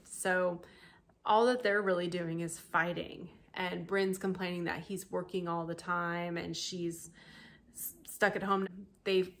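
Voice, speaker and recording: A woman hosts a podcast, telling a true-crime story in a casual, chatty and animated way, full of asides and laughter. Her voice is fairly low in pitch, and there is slight background noise.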